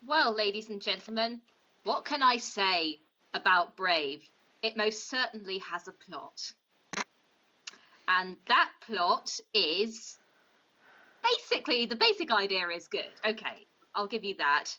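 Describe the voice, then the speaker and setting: A woman co-hosting a comedic podcast as the prosecutor, critiquing a film in an opinionated, sharp-tongued way. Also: medium pitch, sing-song, unhurried, lo-fi sound.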